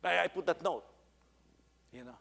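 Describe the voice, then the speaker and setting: A man's voice: fairly high pitch, normal speed, vocal fry, sharp tone, big-room sound. A man with a Filipino accent, a pastor telling a personal story in a sermon and rising into emphatic exhortation. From Philippines.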